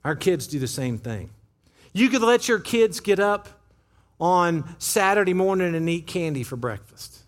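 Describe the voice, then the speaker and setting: Pastor, male, lively sermon delivery with a high, swooping voice, talking straight to the congregation. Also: a little slow. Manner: animated, conversational preaching with acted-out quotes. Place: church sanctuary.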